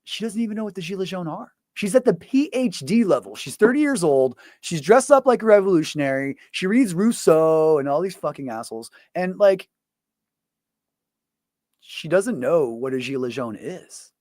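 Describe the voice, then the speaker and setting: Male host, fairly high voice, dry close sound, loose profane rant, lots of fillers. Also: expressive, normal speed, a little mellow, no echo. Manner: profane, rambling, full of fillers. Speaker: show host. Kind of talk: casual ranting monologue.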